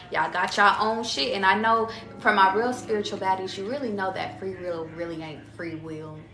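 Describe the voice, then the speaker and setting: A woman's voice: mid-range voice, sharp tone, reverberant. A woman giving a casual tarot reading to her viewers. She talks in a slangy, profane, chatty way and calls them y'all. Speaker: tarot reader.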